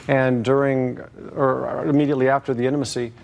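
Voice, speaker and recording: A man's voice: mid-range voice, little pitch movement, a little fast, vocal fry, darkish tone. A man giving long, hesitant testimony as a plaintiff in a TV courtroom, full of fillers and restarts.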